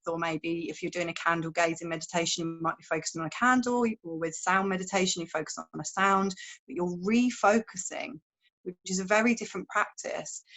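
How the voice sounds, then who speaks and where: A woman's voice: lowish voice, a bit bright, low-quality recording. Frank, chatty woman explaining meditation. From fishing village. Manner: frank and chatty, swears, uses playful images. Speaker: meditation teacher and wellbeing guest. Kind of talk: casual podcast chat.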